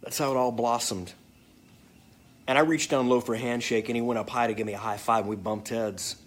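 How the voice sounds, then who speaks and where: A man's voice: mid-range voice, fairly even intonation, fairly quick. A man casually answering fan comments, joking and swearing freely. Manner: joking, profane, off the cuff. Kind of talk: casual live chat.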